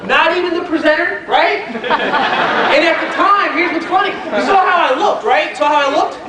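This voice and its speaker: High-voiced man telling stories to a crowd. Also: normal speed, very noisy. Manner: animated storytelling, quizzing the audience. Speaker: network marketing trainer. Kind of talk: motivational speech to a live audience. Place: training event hall. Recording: echoey hall, distant mic.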